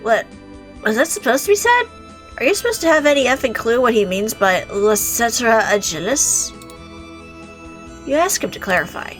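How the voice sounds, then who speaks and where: A woman reading a visual novel aloud, reacting with animated exclamations and the odd swear word. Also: on the high side, moderate pace, pauses often, over music. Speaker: game streamer.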